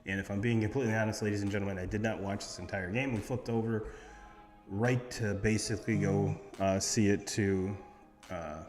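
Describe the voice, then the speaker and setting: A man's voice: fairly low pitch, steady tone, a little fast, a little mellow, big-room sound, faint music behind. A man hosting a casual sports talk show, reading off game stats with lots of ums and restarts. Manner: rambling, reads off stats with many fillers. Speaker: sports podcast host.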